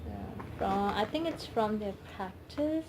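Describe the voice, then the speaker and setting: Gushing, slow-talking young woman vlogger. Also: medium pitch, animated, noisy background. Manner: gushing, squealing with delight, breathy asides. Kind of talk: excited unboxing vlog.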